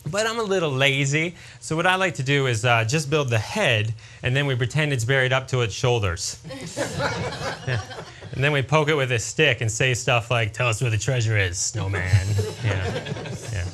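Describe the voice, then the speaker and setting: A man's voice: mid-range voice, normal speed, music in the background. A man in his forties doing a stand-up comedy routine with punchy joke delivery.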